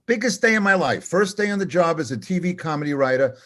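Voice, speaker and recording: An older man, a comedy writer, telling an animated, self-deprecating anecdote and acting out the dialogue. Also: on the high side, fast. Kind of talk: storytelling anecdote.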